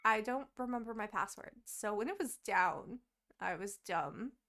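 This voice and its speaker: A woman's voice: mid-range voice, lively intonation, measured pace, sharp tone. A young woman co-hosting a podcast, chatting casually and rambling through her week, swearing often and laughing. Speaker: podcast co-host. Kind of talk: casual chat.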